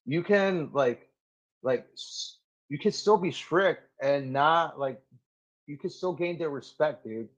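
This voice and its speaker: A man's voice: on the high side, slow pace, muffled recording. A man who is a Marine gunnery sergeant, talking animatedly and swearing freely as a podcast guest, acting out the people in his stories. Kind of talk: casual interview storytelling.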